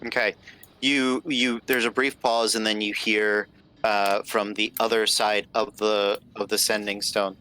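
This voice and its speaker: A man's voice: lowish voice, level tone, unhurried, bright, forceful tone, smooth. A man narrating as game master of a tabletop game, loose and apologetic, with lots of fillers.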